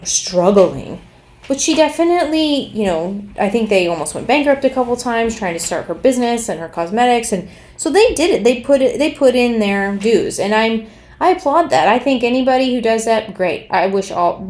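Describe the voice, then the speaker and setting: A woman's voice: medium pitch, a little mellow. A woman giving casual commentary in a sarcastic, scornful, exasperated tone. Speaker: commentary vlogger.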